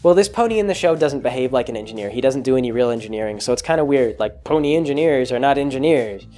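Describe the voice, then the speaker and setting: A man hosting a podcast, talking in a casual, rambling monologue full of restarts and fillers that turns animated when he is amused. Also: mid-range voice, fast talker. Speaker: podcast host.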